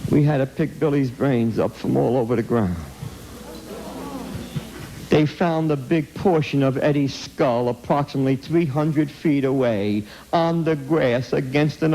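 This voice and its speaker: Middle-aged guy telling a hard story to a crowd, blunt, emphatic, high voice. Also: darkish tone, a little hiss or hum, rough recording. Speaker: anti-drug speaker. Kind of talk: impassioned storytelling speech.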